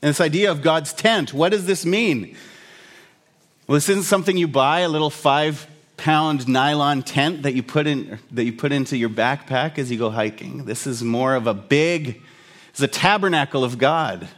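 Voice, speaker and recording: A man's voice: a little high, normal speed, fairly bright tone. Man preaching a casual sermon. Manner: conversational, explanatory, with humorous asides. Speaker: pastor.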